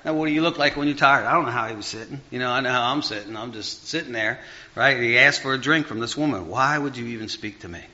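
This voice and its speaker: A male preacher delivers a loose, conversational sermon full of restarts and asides. His voice is bright and forceful, and it swings from raised emphasis down to quiet murmurs. The dull, lo-fi recording softens the top end. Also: fast talker. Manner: rambling, full of fillers and restarts, big swings in pitch and volume.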